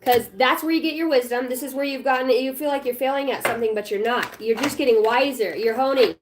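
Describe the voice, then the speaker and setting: A woman's voice: sits high, quick pace, slight background noise. A woman giving a casual, blunt, encouraging tarot reading at home, swearing freely. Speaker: tarot reader. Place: home with her small child nearby.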